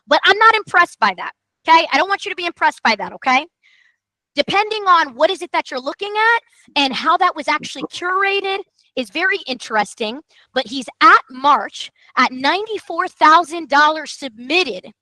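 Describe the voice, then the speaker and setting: A high-pitched woman runs a sales training, her voice swooping all over as she stresses every point. Her tone is bright and energetic. The sound is close and dry. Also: moderate pace, dry recording, rough recording. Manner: emphatic, excitable, repeats for emphasis. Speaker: marketing coach host.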